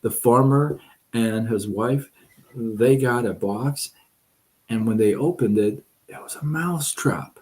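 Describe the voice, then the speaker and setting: A man's voice: mid-range voice, takes it slowly, a little mellow. A man hosting a casual motivational talk, telling a fable, with fillers and "right?" asides. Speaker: host of a motivational live stream.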